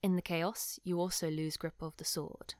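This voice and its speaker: A woman narrating calmly as game master of a tabletop game. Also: fairly low pitch, normal speed, no echo, studio quality.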